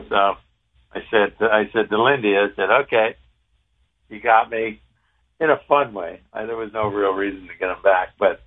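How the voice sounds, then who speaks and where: Man with a low voice on a tinny phone line. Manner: relaxed, rambling, salty language. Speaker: former pro hockey player, guest. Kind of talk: casual anecdotal storytelling.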